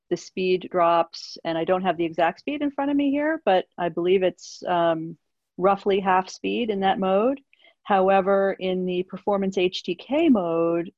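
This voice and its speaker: A woman's voice: fairly low pitch, dry recording. A woman answering audience questions in a webinar, hesitant, with many fillers and restarts. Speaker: industry analyst answering questions. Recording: dull lo-fi webinar audio.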